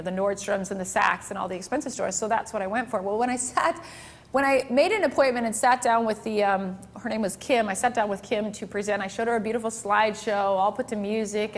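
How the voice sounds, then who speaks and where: A woman photographer giving a talk, telling a story with lively acted-out dialogue and frequent laughter. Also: mid-range voice. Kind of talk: storytelling presentation to an audience.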